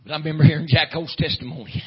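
A man preaching a sermon in a folksy drawl, filling pauses with "uh", swinging from loud preaching to hushed storytelling. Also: fairly high pitch, steady tone, breathy edge. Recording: dull lo-fi sound.

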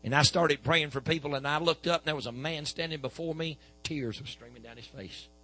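A man's voice: a little high, brisk, vocal fry, sharp tone, slight background noise, low-quality recording. A man, preaching a sermon and telling a healing story with quoted back-and-forth dialogue.

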